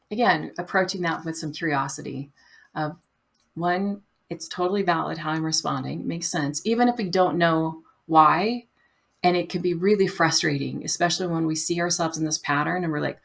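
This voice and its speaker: A woman speaks as a podcast guest, with a voice pitched a little low for a woman. She talks in a gentle, reflective way and slips into playful quoted inner voices. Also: moderate pace, gravelly, breathy edge. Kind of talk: conversational interview.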